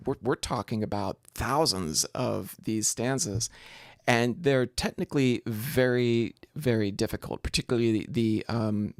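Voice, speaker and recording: Gravelly-voiced man giving a lecture. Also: on the low side, dry recording, studio quality. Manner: explanatory, often restarts phrases. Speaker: literature lecturer. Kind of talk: recorded video lecture.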